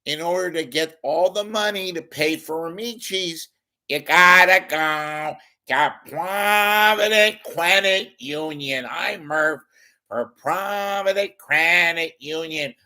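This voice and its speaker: A man's voice: on the high side, slow pace, sharp tone, heavily acted. A man impersonating a goofy, overeager male radio host gushing through sponsor reads. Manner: gushing, overexcited ad-read delivery.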